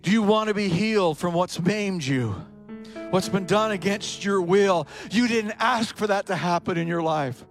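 A man preaching a sermon to a congregation, building to shouted, fervent emphasis. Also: high-pitched, normal speed, faint music behind. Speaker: pastor. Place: church service in front of a congregation.

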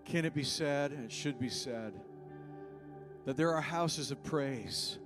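A man preaching a sermon as pastor, moving between hushed and raised passages. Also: medium pitch, takes it slowly, over music. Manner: impassioned, swings from hushed to raised. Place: church service.

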